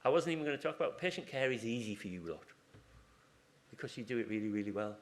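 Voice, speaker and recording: A man speaks quickly and expressively in a mid-range voice, giving an informal talk in a conference room. His delivery is chatty and meandering, with frequent asides and sentence restarts.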